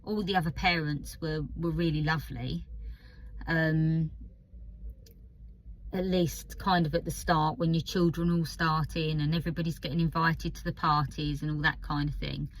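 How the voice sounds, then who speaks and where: A woman in her fifties from Essex, speaking with an Essex accent in a candid, hesitant personal vlog with many pauses and fillers, sounding a little nervous. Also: low-pitched, steady tone, rough recording. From Essex, England. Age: 50s. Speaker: vlogger.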